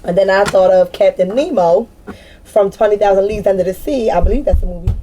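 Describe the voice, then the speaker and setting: A woman giving a casual spiritual card reading to her viewers, rambling, excitable and full of slang, breaking into loud laughter. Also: medium pitch, quick pace, a little hiss or hum, poor audio. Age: adult with a daughter. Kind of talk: casual tarot-style collective reading.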